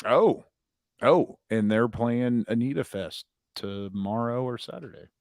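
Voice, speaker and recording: A man chatting casually on a punk music podcast, excitable and quick to chuckle. The sound is close and dry. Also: medium pitch, dry recording. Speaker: podcast co-host. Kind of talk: casual chat.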